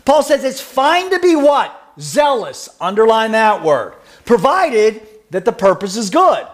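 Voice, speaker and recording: A man's voice: high-pitched, sing-song, a little slow. A man preaching a sermon who asks his congregation questions and teases members by name. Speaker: pastor.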